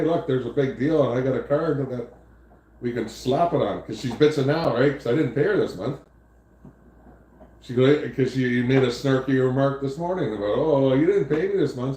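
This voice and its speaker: A man's voice: mid-range voice, dark tone. Rambling, profane man in an echoey room. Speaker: livestream host. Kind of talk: casual chat.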